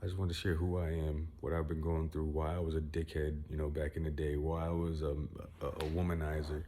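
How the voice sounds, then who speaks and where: A man's voice: rumbling low, flat delivery, fairly quick, dark tone. A young man venting at home to his followers in a rambling, boastful, profane monologue. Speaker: vlogger.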